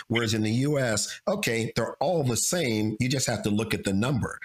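An American man co-hosting a casual chat, animated and fond of acting out what people say. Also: medium pitch, moderate pace, hardly any pauses. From United States. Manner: animated storyteller, acts out quoted voices. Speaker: co-host.

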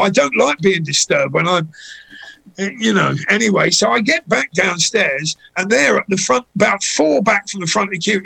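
A middle-aged man spins anecdotes in a casual chat, his voice rough and gravelly with a husky edge. He sits a little high for a man. He jumps into the voices of the people in his stories. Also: rough recording. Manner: anecdotal, animated when voicing people in stories. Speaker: guest.

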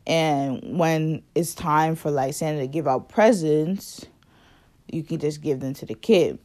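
A woman's voice: low voice, measured pace, warm tone. A young woman casually telling a personal story, rambling with lots of fillers and laughing at herself.

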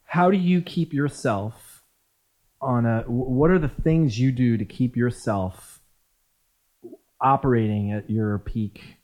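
Woman podcast host, relaxed, encouraging, extremely deep voice. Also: slow pace. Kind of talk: casual interview chat.

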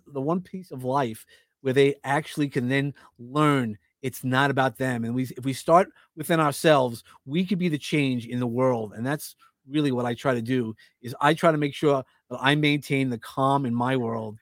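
A man's voice: mid-range voice, no echo, studio quality. A man from Brooklyn, chatting casually and telling stories, acting out other people's lines. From Brooklyn, New York. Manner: animated storyteller acting out quotes, many restarts. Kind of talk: casual podcast conversation.

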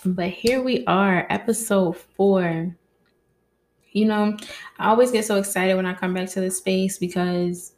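A woman hosting her own podcast, talking casually and heartfelt to her listeners into a mic, often calling them y'all. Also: fairly low pitch. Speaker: podcast host. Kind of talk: casual solo podcast talk.

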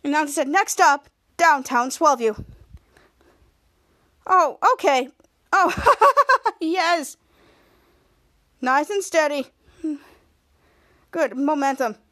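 Young female podcast host, high voice, casual TV recap, jumps into quoted lines with loud outbursts. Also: takes it slowly, long pauses. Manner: acts out characters' lines with bursts of loud, high shouting.

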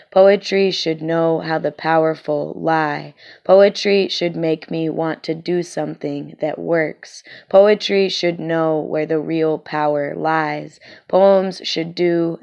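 A woman poet performing spoken-word poetry with a measured, rhythmic, deliberate delivery. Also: sits low, gravelly, a little mellow, lo-fi sound.

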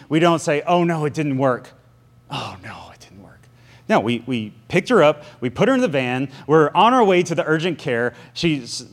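A man in his thirties preaching a casual sermon, telling stories and acting out quotes with a shifting voice. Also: a little high. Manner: storytelling, animated, acts out quotes with shifting voice.

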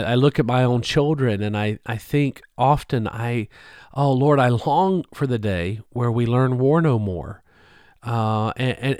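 A man hosting a podcast, giving an earnest, reflective spoken message, halting often and restarting his sentences. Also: mid-range voice, clean tone, dry recording, studio quality. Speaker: podcast host.

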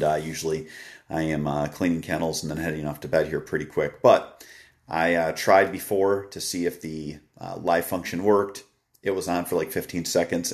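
A man with a very deep, low voice talks through dog training on a live stream. He is relaxed, a bit tired and rambling, leaning on plenty of "uh"s as he chats casually. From Wisconsin. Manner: relaxed and rambling, frequent "uh" fillers. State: tired, yawning. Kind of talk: casual live-stream chat answering comments.

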